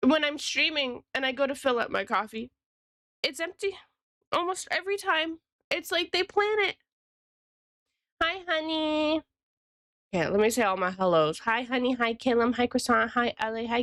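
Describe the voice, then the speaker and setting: A woman's voice: a little high, lively intonation, normal speed, a bit bright, dry recording, clean studio sound. A woman streamer and illustrator chatting casually with her live viewers, rambling and greeting them by name.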